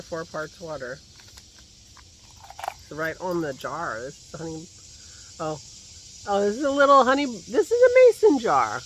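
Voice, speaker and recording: Out in his garden, a man with a high, slightly bright voice records a casual vlog on a phone held at arm's length. He's chatty and rambling, chuckles to himself, and has a faint lingering cough, with a little hiss or hum in the audio.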